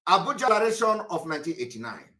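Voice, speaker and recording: A man's voice: sits high, big pitch swings, racing, pushed and bright. A man from Nigeria hosting a live online broadcast, talking straight to viewers in an emphatic, scolding way and repeating his points.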